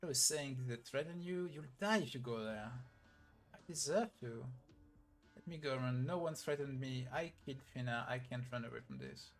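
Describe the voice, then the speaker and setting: A man reading the lines of a grieving, guilt-ridden young woman from a game story in a flat read-through. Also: mid-range voice, normal speed, faint music behind, natural voice.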